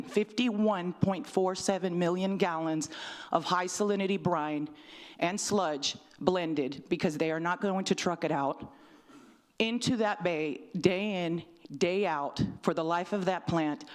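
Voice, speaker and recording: A woman giving a public comment at a city council meeting, speaking in a combative, emphatic way as she scolds the council. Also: on the low side.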